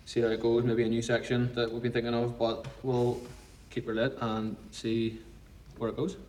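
A man's voice: mid-range voice, monotone, normal speed, a little mellow, a little hiss or hum. Man, podcast co-host, blunt and sweary, mid-range voice, picked up from a distance. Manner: blunt, sweary, rambling storyteller. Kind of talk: casual chat.

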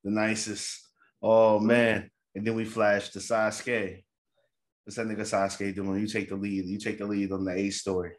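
A young man casually recapping an anime episode with a co-host, animated and slangy, acting out the characters' lines as he goes. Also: lowish voice, moderate pace.

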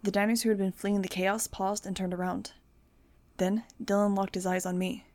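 Young woman reading a novel out loud, steady and plain, middle pitch, dry close sound. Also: moderate pace, no echo. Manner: steady, plain first-person storytelling. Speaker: audiobook reader. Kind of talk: amateur audiobook narration.

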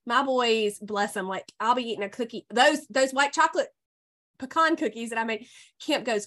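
A woman hosting a casual podcast chat, effusive and quick to laugh. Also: a little high. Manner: warm, effusive, laughs often. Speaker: podcast host and health coach.

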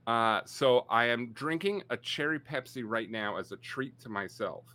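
A man's voice: mid-range voice, lively intonation, moderate pace, bright, forceful tone. A man in his forties, co-hosting a podcast in casual chat, rambling and self-mocking. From Canada. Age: 40s. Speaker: podcast co-host.

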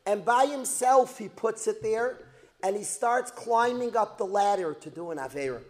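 A man teaching a religious lesson as a dramatic story, repeating phrases for emphasis and building to loud outbursts. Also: high voice, lively intonation, normal speed. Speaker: Torah teacher. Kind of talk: storytelling lecture.

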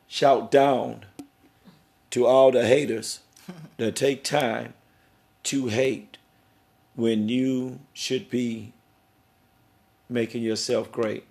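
A man's voice: mid-range voice, fairly even intonation, extremely slow, gravelly, long pauses, a little mellow. A middle-aged man hosting a podcast interview, talking in an emphatic, preachy, rambling way about worth and family. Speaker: podcast host.

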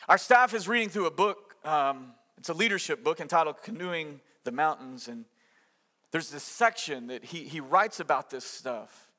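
A man's voice: fairly high pitch, animated, normal speed, bright, forceful tone. A man preaching a sermon as pastor, conversational and emphatic, with rhetorical questions and quotes he acts out.

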